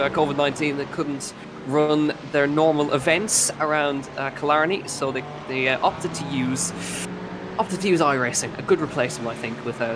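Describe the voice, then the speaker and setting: A man's voice: fairly high pitch, very noisy. A man with an Irish accent doing live commentary on a sim racing event, chatty with frequent fillers and self-corrections.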